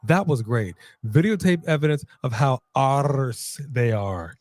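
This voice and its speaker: A man's voice: mid-range voice, expressive, unhurried, darkish tone, no room sound. A man co-hosting a live wrestling watch-along, reacting with playful trash talk.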